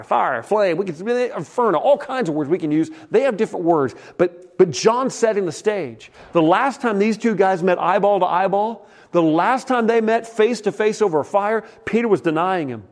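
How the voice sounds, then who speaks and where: Male pastor, somewhat high voice; relaxed, chatty sermon storytelling with quiet, intimate drops. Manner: casual storytelling preaching, often dropping to a soft hush.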